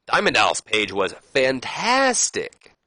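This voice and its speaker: Speaking slowly at a medium pitch, this let's play commentator has a pushed, bright voice whose pitch swoops wildly. He gives rambling, casual commentary on a wrestling management game, reading promo lines aloud full of fillers and self-corrections. The recording is dry and low quality.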